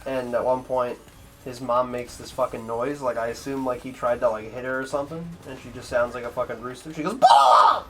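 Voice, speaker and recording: Male streamer, mid-pitched, casual offhand chatter to chat, heavy profanity, faint game music under. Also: steady tone, a little fast. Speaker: streamer, speedrunner. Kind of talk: casual chat with stream viewers while gaming.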